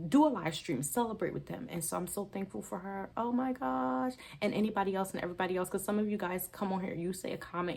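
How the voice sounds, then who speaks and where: A woman's voice: mid-range voice, darkish tone, husky. A woman hosting a budgeting channel, talking casually and emotionally to camera, rambling and correcting herself as she goes, with a gap in her teeth. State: tearful at times.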